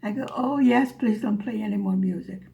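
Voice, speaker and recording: A woman's voice: mid-range voice, brisk, gravelly, dark tone. A woman vlogger telling a story in a dry, sarcastic way as she chats over her craft. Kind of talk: casual storytelling while diamond painting.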